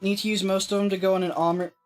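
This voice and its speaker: A woman's voice: medium pitch, level tone, very fast, faint music behind. A woman from Texas hosting a let's play, chatting casually and joking at herself as she builds. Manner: rambling, self-mocking and jokey, with some swearing. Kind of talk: casual gaming commentary.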